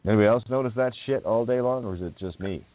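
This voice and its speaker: A man's voice: mid-range voice, racing, no echo. A man hosts a radio talk show and rambles loosely. He chuckles a lot, swears freely and plays with words. His voice comes over a thin, phone-like line with a dry, close sound. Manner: laughs often, profane, wordplay-heavy. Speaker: radio host. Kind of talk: casual rambling monologue.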